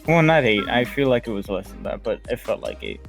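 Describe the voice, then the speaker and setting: A man's voice: lowish voice, animated, brisk, gravelly, soft background music. A young man co-hosting a casual chat, joking and stumbling over his words. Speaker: podcast co-host.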